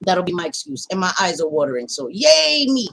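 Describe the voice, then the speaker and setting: A woman's voice: on the low side, very animated, a little fast, gravelly, background noise. A woman hosting a casual livestream, chatting loosely, swearing and greeting viewers by name. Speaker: livestream host.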